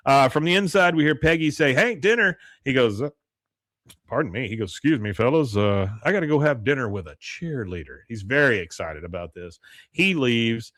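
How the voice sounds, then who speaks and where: A man hosts a podcast, speaking fairly quickly in a dry, clean studio recording as he casually recaps a cartoon episode. He's animated, reading character lines in a raised, higher-pitched voice and laughing often at the jokes.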